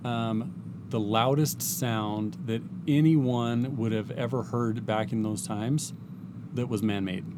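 Man, casual podcast host, mid pitch, teasing, audible background noise. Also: steady tone, slow pace. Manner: teasing and emphatic. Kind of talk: casual chat.

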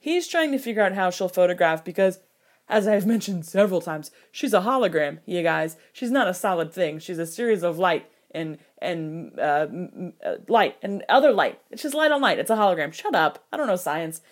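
A woman giving casual film commentary, animated and jokey, with mock outrage and quick impressions of characters. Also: on the low side. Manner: quoting characters in quick put-on voices. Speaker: film reviewer.

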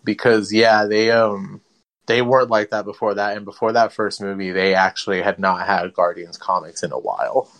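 Lively low-voiced man telling stories. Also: normal speed. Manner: animated storyteller, swears casually. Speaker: podcast co-host. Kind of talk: casual podcast chat.

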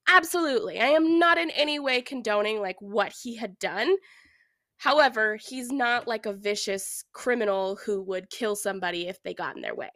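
A woman's voice: a little high, a bit bright, no room sound. A woman co-hosting a true crime podcast, telling the story in a casual, chatty way with lots of fillers. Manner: chatty, many "like"s and "I don't know"s. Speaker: podcast co-host.

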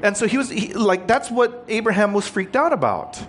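A male preacher works through a scripture passage in a conversational sermon, explaining it plainly and posing questions to his listeners. His high voice is expressive at a moderate pace, with a little hiss or hum audible.

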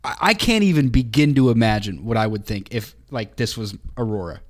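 A man's voice: medium pitch, expressive, fairly quick. A man talking casually with the host, telling a story in a loose, rambling way. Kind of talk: casual chat.

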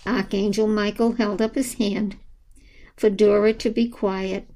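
A woman reads a children's story aloud with a gentle, unhurried delivery. Her voice is mellow and soft at the edges, pitched in an ordinary middle range. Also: flat delivery, rough recording. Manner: slow, gentle storybook reading. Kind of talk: scripted narration of a children's story.

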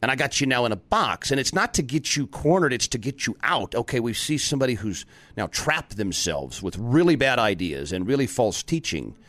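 A man hosting a talk show with a sarcastic, animated delivery. His pitch is right in the middle for a man, and his voice jumps into emphatic bursts. The sound is dry and close, with no room echo. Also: a little fast. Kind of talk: political talk show monologue.

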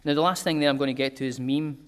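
A man's voice: medium pitch, fairly even intonation, fast talker, clear, resonant tone. A man giving an informal talk to a small group, chatty and digressive, with homely examples.

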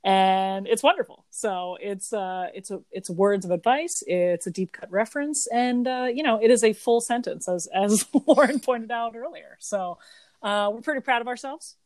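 A woman's voice: medium pitch, moderate pace, a little mellow, no echo. A woman in her thirties, co-hosting a podcast, chatting at length in a rambling, think-aloud way. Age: 30s. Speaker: podcast co-host. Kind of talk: casual chat.

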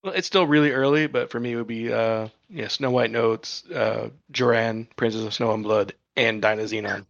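A man's voice: mid-range voice, normal speed, gravelly, hardly any pauses, fairly bright tone. A man on a podcast chatting casually, grumbling and sardonic about what he dislikes. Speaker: podcast regular. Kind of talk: casual chat. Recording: dull lo-fi mic.

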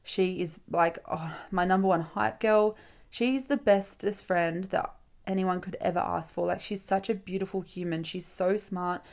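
A woman's voice: on the low side, fairly even intonation, normal speed, a little mellow. A young woman, hosting a casual solo podcast. She tells a personal story in a chatty way, swears freely and acts out her friends' lines. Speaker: podcast host.

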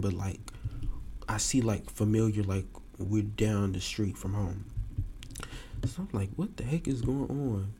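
A man telling a story to his podcast listeners in a casual, animated way. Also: fairly low pitch, a little hiss or hum. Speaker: podcast host.

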